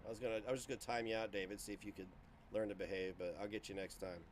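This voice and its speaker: A man's voice: fairly low pitch, fairly even intonation, rapid-fire, heavy background noise. A man livestreaming, ranting in casual, profane talk as he reacts to clips.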